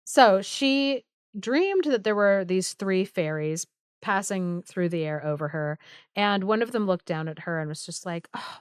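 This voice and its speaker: A woman's voice: medium pitch, expressive, a little slow, smooth, no echo, clean studio sound. A young woman co-hosting a podcast, casually retelling a fairy tale in a chatty way with many filler words. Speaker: podcast co-host. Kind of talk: casual storytelling chat.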